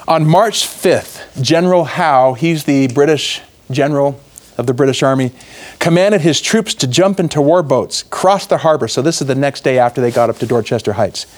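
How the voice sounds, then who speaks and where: Man telling history as a sermon. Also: mid-range voice. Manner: lively storytelling with asides and laughs. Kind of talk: religious talk on history.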